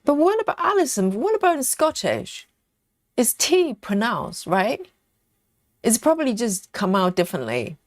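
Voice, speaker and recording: A woman's voice: a little high, sing-song, moderate pace, dry recording, studio quality. A woman hosting a craft livestream, chatting casually while she reads viewers' comments aloud, often laughing and repeating words as she thinks. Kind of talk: casual chat reading live comments.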